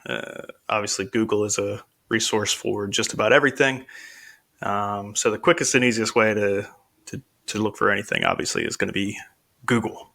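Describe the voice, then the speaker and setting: A man's voice: fairly low pitch, steady tone, normal speed, vocal fry, pushed and bright. A man answering interview questions as a contractor, talking informally with lots of "you know" fillers. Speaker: contractor guest.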